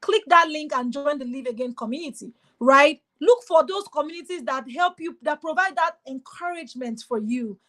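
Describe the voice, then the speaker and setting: A woman's voice: high voice, normal speed, few pauses, a bit bright. A woman giving a motivational webinar talk, emphatic and exhorting, often repeating her key phrases. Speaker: motivational speaker.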